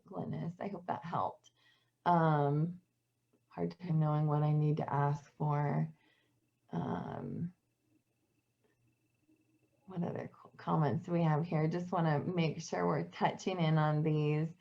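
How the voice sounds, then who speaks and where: A woman's voice: sits low, expressive, takes it slowly, creaky, long pauses. A woman hosting a live stream who laughs often and reads out viewer comments. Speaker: host. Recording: slightly dull lo-fi sound.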